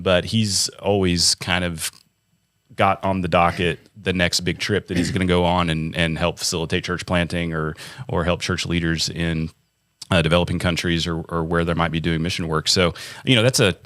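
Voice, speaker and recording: A man with a very low voice joins a casual Bible discussion. He talks in a thoughtful, halting way and often restarts his phrases. The recording is close and dry. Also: fairly even intonation, fairly bright tone, no echo. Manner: thoughtful, hesitant, repeats words.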